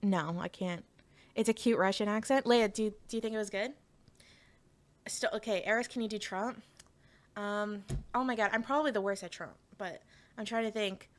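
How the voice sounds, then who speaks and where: Woman streamer rambling to chat, giggly, lots of um and like, mid pitch. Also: normal speed. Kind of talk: casual live-stream chat.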